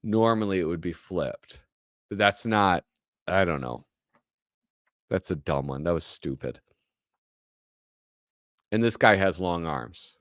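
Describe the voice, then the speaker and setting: A man's voice: low-pitched, lively intonation, slow, pauses often, a bit bright, dry recording, studio quality. A man hosting a live show, chatting casually with rambling, joking asides that trail off mid-thought. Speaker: host. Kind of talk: casual live-stream commentary.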